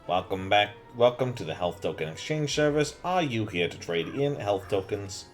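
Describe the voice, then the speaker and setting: A man putting on a New York clerk for a video game, courteous and formal in the way of a service counter. The voice sits low and the lines come slow and deliberate. Faint game music hums behind him. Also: sing-song. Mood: polite. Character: male New York clerk at a token exchange.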